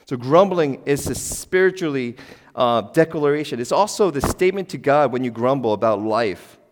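A middle-aged man preaching a sermon as a pastor in a church. He is conversational and emphatic, asks the congregation questions and breaks into sudden loud exclamations. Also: mid-range voice, expressive, moderate pace, noisy background. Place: church sanctuary. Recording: long church hall reverb.

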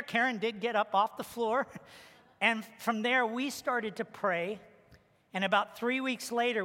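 Male pastor, sermon storyteller with jokes and questions to the room, high voice, echoey church. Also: bright, forceful tone. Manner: storytelling with humorous asides and rhetorical questions. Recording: echoey hall reverb.

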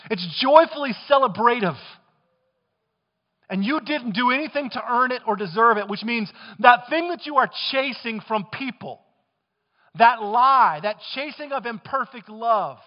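High-voiced guy preaching, gets loud then goes real quiet, long echo in a big hall, kinda muffled. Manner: impassioned, swings between loud and hushed. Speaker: pastor. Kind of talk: sermon.

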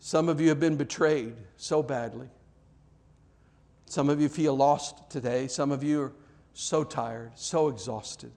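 A man preaching a sermon in a church, earnest, often repeating words and dropping to soft, emphatic lines. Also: medium pitch, a little slow, creaky. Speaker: pastor.

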